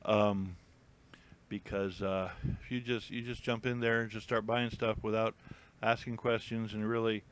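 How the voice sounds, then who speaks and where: A man's voice: fairly low pitch, flat delivery, moderate pace, clean tone, poor audio. A man hosting a casual live stream, rambling and thinking aloud with many fillers and restarts while he browses listings. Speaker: YouTube host.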